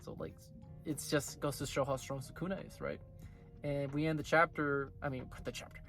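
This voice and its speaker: A man's voice: fairly high pitch, steady tone, moderate pace, a bit bright, faint music behind. A man casually recapping and reviewing an anime episode, rambling with lots of filler words. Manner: rambling, full of "like" and "you know" fillers.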